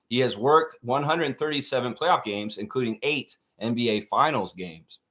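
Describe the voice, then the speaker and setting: A man's voice: mid-range voice, fairly bright tone. A man hosting a sports fan show who rants in a blunt, profane, heated way. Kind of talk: ranting sports commentary.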